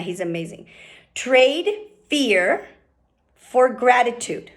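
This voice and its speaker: Woman, high voice, motivational team call, fast and fired up, keeps asking okay?. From California. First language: Spanish. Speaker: team leader speaking on a group call. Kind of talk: motivational business talk. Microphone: call microphone.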